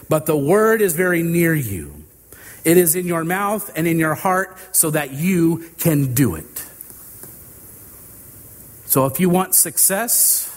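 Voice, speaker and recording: A man preaching a sermon in a slow, measured delivery, letting dramatic pauses hang between phrases. His voice sits somewhat high for a man. The sound carries a long reverb, as in a large hall. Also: husky.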